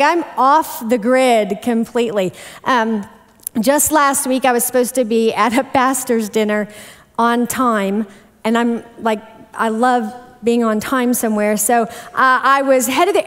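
Woman preacher, high voice, animated and self-deprecating, reverberant church hall. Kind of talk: sermon.

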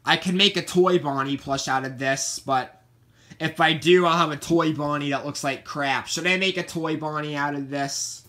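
A man with a bright, forward voice talks loosely through his stuffed toy collection. He rambles and circles back to the same points. The delivery is an unscripted show-and-tell vlog. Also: a little high, steady tone, moderate pace. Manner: chatty, meandering, repeats himself. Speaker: vlogger showing his plush collection.

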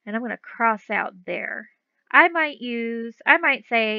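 A patient woman teacher leads a phonics lesson, sounding out each letter and word at a very slow, careful pace. Her voice sits fairly high, and the recording is dry, close and a little dull. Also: animated, gravelly, pushed and bright, clean tone, dry recording. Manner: slow, patient, sounding words out and repeating them. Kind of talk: phonics lesson for young children.

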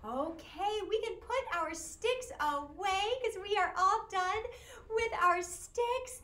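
A woman's voice: very high voice, slow pace, pushed and bright. A woman from Georgia, a children's music teacher leading a live-streamed class in a sing-song, encouraging way.

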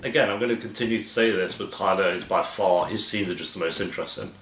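A man's voice: sits low, fairly bright tone, echoey room, soft background music. A man hosting a TV reaction, chatting casually and mocking what he watches. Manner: sarcastic, chatty, quick to mock. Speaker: TV reaction host.

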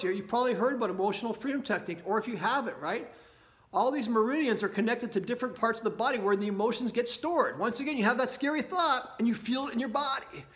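High-voiced energetic man coaching. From Canada. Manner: energetic, keeps checking in with "right?" and "okay?". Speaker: anxiety workshop presenter. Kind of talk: motivational talk to camera.

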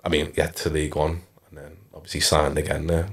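A man's voice: very deep voice, fairly quick, crowd noise. A man in his thirties with a Liverpool accent, a former footballer telling stories in a casual podcast interview. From Liverpool, England. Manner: relaxed storytelling, frequent "like" and "you know".

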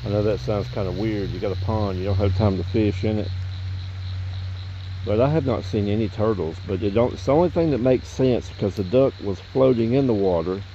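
A man's voice: lowish voice, a little fast, warm tone, slight background noise. A man, chatting casually to viewers in a rambling, folksy way while filming outdoors by a pond. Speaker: vlogger. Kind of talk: casual outdoor vlog narration. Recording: dull lo-fi outdoor camera audio.

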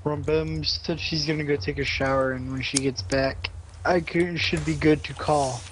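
A man's voice: fairly high pitch, fairly even intonation, normal speed, a little hiss or hum, low-quality recording. A man on voice chat during a game, asking puzzled questions in a casual tone. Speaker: player on voice chat.

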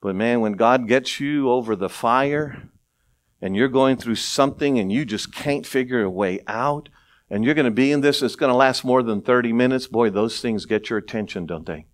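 A middle-aged male pastor preaching a sermon, telling stories with lively acted-out voices and frequent laughter. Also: mid-range voice, normal speed. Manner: animated storytelling, acts out voices, laughs often.

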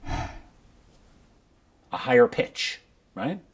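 A man teaching a breath-control exercise for brass players in a relaxed, conversational way, often checking in with the listener. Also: drawn-out words. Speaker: trombone coach. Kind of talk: instructional video talk. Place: his studio.

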